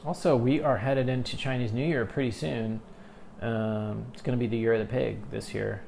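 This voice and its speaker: A man, a tea seller, calmly musing as he tastes and talks through a tea in a casual vlog. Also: medium pitch, creaky, slight background noise. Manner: calm, musing, unhurried. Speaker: tea seller tasting his own stock.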